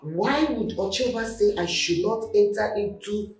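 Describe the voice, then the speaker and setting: A woman's voice: mid-range voice, a little mellow, soft background music, natural voice. An actress playing an aggrieved widow who pleads her case. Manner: slow, plaintive. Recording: echoey, from a distance.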